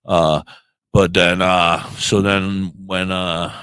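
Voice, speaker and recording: Deep, smooth-voiced man rambling. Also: measured pace, fairly bright tone, dry recording. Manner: rambling, swears freely, self-deprecating. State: sore throat. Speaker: podcast co-host. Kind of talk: casual storytelling chat.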